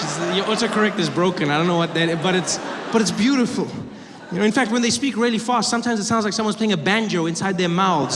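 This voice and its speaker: Brief: male stand-up comic from Africa, lively and high, reverberant hall, audience noise. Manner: animated, quick shifts into impressions. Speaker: comedian. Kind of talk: stand-up comedy. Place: large comedy venue stage.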